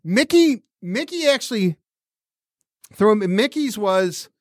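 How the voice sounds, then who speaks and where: A man with a fairly high voice hosts a casual sports podcast. He rambles and restarts his sentences often, and the sound is dry and close. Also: sing-song, takes it slowly, no room sound. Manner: rambling, many restarts, laughs while talking. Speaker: podcast host.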